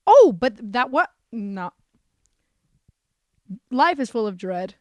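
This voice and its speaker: A woman's voice: on the high side, sing-song, takes it slowly, a little mellow, no room sound, clean studio sound. A young woman hosting her own podcast, talking alone in a sarcastic, self-deprecating way, swearing freely and sounding a bit stuffy from a cold. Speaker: podcast host. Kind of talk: casual solo podcast monologue.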